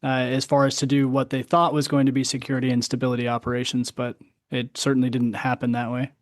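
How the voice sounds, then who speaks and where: A man hosting a podcast, speaking in casual chat with a measured, reflective manner. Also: mid-range voice, completely flat delivery, no echo, studio quality. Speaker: podcast host.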